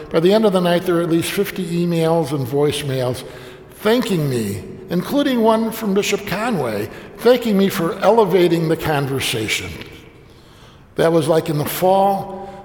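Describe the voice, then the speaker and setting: A man, a priest, tells a story against himself with dry humor. His voice sits a little high and has a gravelly edge, and a long reverb trails it through a large hall. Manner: wry, self-deprecating storytelling. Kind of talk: humorous anecdote told to an audience.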